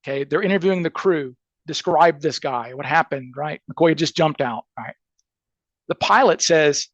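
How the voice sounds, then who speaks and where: A man's voice: a little high, expressive, moderate pace, no room sound. A man with a Southern accent, a criminal defense attorney on a podcast interview, laying out a case emphatically and checking in with "okay?" and "right?" as he goes.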